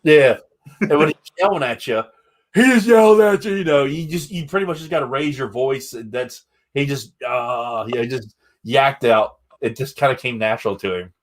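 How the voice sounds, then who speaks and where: A man's voice: mid-range voice, moderate pace. Candid, rambling male podcast host. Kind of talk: casual interview chat.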